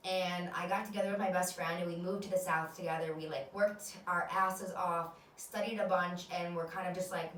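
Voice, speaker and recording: A woman in her twenties hosts a podcast and tells her own stories in an open, animated way, swearing without a second thought. Her voice sits on the low side. She sounds a little distant from the mic, in an echoey room with faint noise behind her. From United States. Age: 20s. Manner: candid, animated, swears casually. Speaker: podcast host. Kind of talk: casual storytelling monologue.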